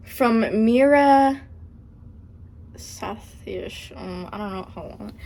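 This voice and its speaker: A woman's voice: a little high, unhurried, a little mellow, a little hiss or hum. Chatty young woman answering viewer questions. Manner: chatty, hesitant, laughs often. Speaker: channel host. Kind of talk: casual Q&A vlog.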